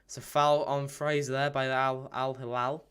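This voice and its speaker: A man hosting a live football watchalong stream. He chats casually, reads out viewer comments with plenty of ums, and breaks into excited play-by-play. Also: mid-range voice, normal speed, smooth. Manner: bursts into excited play-by-play at goals. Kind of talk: live match watchalong chat.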